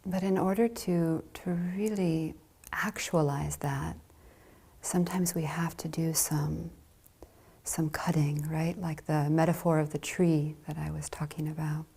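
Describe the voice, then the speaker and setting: Soft-spoken, slow, breathy woman teacher. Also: low voice, steady tone. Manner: slow, soft and gentle with light laughs. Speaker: Zen dharma teacher. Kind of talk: dharma talk.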